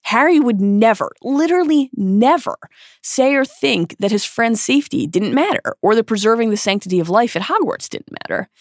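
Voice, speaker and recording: A woman co-hosting a podcast, recapping a book chapter with expressive reading, dramatic emphasis and pauses. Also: medium pitch, vocal fry, no echo, studio quality. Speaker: podcast co-host.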